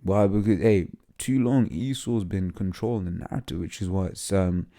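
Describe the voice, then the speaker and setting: A man with a very low, gravelly voice teaches scripture in a loose, unscripted way. His tone is dark and mellow, and he often stalls on fillers and restarts as he reads passages aloud. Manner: halting, full of fillers and restarts. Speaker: religious teacher.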